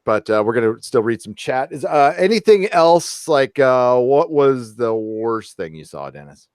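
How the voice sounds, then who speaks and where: A man's voice: medium pitch, sing-song, unhurried, clear, resonant tone, dry recording, studio quality. A man hosting a casual live-stream podcast, chatty, laughing often and swearing casually. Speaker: podcast host.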